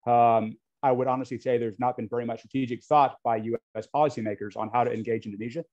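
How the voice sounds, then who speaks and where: A man's voice: mid-range voice, steady tone, fast, a little mellow. Frank American man, slightly muffled. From United States. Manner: frank, hesitant, with many ums and restarts. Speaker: guest speaker on US-Indonesia relations. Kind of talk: unscripted lecture talk. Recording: dull lo-fi audio.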